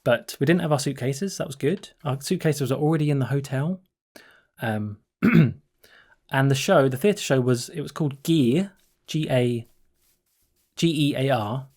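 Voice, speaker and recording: A man's voice: medium pitch, darkish tone. A man who hosts a channel, chatting casually and rambling through a story, laughing often and restarting his sentences. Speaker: channel host.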